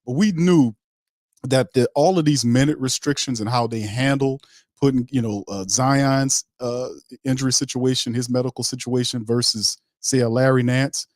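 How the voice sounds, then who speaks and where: A man's voice: medium pitch, steady tone, moderate pace, no echo, clean studio sound. A man hosting a casual sports talk show, talking in a loose, emphatic, slangy way with many restarts. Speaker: podcast host.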